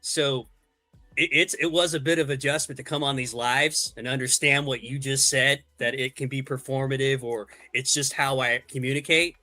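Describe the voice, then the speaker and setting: A man's voice: medium pitch, fairly even intonation, moderate pace, pushed and bright, no echo, soft background music. A man from the Midwest, a guest on a casual livestream chat, chiming in with short remarks and laughing often.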